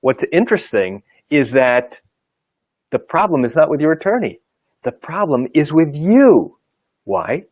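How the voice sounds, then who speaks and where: A man's voice: a little high, big pitch swings, measured pace, darkish tone, no room sound, studio quality. A man, a lawyer, speaking on a live video, emphatic and repetitive, with many rhetorical questions. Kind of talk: live video talk to camera.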